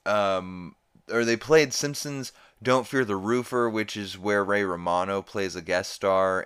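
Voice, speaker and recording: A man's voice: low-pitched, fairly bright tone, smooth. A man hosting a podcast, casually recapping a cartoon episode in a rambling way full of fillers. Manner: rambling, filler-heavy retelling. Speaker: podcast host.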